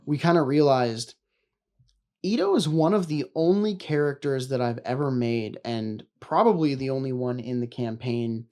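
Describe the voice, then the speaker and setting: A man's voice: medium pitch, lively intonation, moderate pace, mellow. A young man co-hosting a podcast, chatting loosely about his tabletop character, with lots of fillers and casual swearing. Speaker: podcast co-host, tabletop player.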